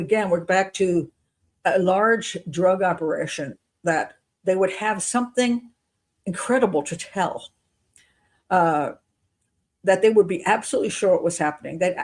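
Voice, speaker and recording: A woman hosting a live show as a criminal profiler, thinking aloud as she answers viewers in a skeptical, questioning way, often restarting sentences and chuckling. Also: lowish voice. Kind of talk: live-stream commentary answering chat.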